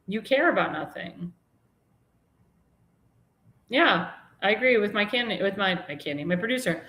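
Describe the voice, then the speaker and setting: A woman's voice: medium pitch, animated, normal speed, long pauses, a bit bright. Woman, talk show host, casual rambling chat, echoey room. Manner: chatty, rambling, laughs at her own jokes. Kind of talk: casual live-stream commentary.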